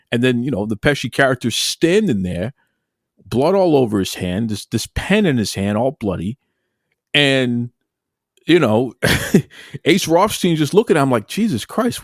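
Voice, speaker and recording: A man co-hosting a podcast, retelling film scenes with animated, restart-heavy storytelling. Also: medium pitch, moderate pace, dry recording, clean studio sound. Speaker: podcast co-host. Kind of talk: casual podcast chat.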